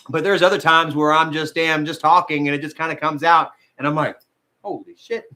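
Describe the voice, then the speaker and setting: Male vlogger, high and bright, profane and rambling; casual live-chat delivery. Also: fairly even intonation, moderate pace. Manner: rambling, profane, says man and bro a lot.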